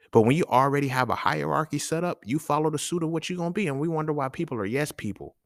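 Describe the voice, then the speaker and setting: A man hosting a solo talk episode, ranting in an animated, casual way full of slang and profanity. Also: medium pitch, dry recording, studio quality. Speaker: podcast host. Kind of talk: solo monologue rant.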